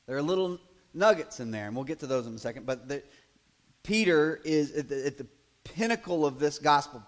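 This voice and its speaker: Animated, expressive male preacher. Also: medium pitch. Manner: conversational preaching, rising to loud animated emphasis; acts out quoted voices in asides. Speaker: pastor. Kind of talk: sermon.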